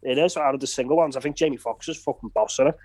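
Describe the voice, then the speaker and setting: Laid-back young male guest, middle pitch, dead-dry mic. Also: rapid-fire, a little mellow, no echo. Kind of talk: casual chat.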